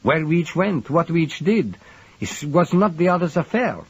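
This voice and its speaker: A man's voice: on the high side, expressive, moderate pace, slightly rough, dry recording, dull audio, voice pushed up. A man voicing a formal middle-aged foreign husband whose wife has died, speaking in stiff careful sentences that break into anguish. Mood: pleading.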